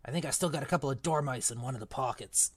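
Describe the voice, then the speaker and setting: A podcast reader voicing a big, gruff male half-giant gamekeeper in a book club read-aloud, with rough country speech and loud bursts. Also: medium pitch, very fast, no echo, pitched below the performer's own voice, close to an everyday voice. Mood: rueful chatty.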